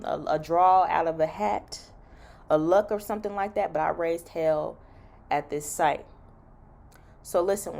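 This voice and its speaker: A woman's voice: lowish voice, vocal fry, darkish tone. A woman who works as a travel nurse, telling a story in an emphatic rant and repeating key lines for effect.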